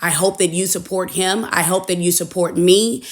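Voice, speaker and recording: A woman with a fairly low voice delivers scripted commentary. She talks in an earnest, measured way and builds her points with care to persuade the listener. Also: fairly even intonation. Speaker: commentary host.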